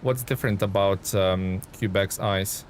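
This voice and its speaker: A man's voice: low-pitched, fairly even intonation, unhurried, a little hiss or hum. A man live-streaming a truck game, chatting to viewers, thanking them and thinking aloud with ums and chuckles. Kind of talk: live gameplay stream commentary.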